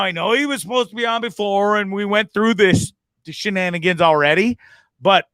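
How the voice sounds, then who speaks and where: A man's voice: sits high, a bit bright, smooth, no room sound. A man hosting a casual live stream from a bedroom in the back of a bus, rambling and joking, then turning sentimental. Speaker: host.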